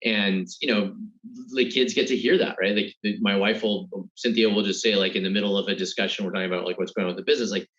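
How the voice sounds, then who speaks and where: A low-voiced man speaks as a guest in a relaxed interview. He talks things through carefully, restarting and repeating words as he goes. The sound is dull and lo-fi, like a remote call. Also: quick pace. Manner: thoughtful, repeats words while finding his point. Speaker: guest entrepreneur. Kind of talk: casual interview talk.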